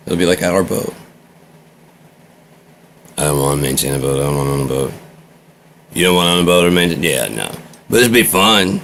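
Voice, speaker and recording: A man's voice: low-pitched, fairly bright tone, a little hiss or hum. A man vlogging in a rambling, offhand monologue, swearing casually.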